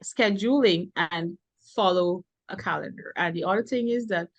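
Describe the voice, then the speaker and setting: A woman from Guyana, a business owner answering interview questions in a frank, animated way, often stressing her words. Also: fairly low pitch, moderate pace, no room sound, muffled recording. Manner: animated and frank, laughing now and then, stressing key words. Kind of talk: earnest conversational interview answers.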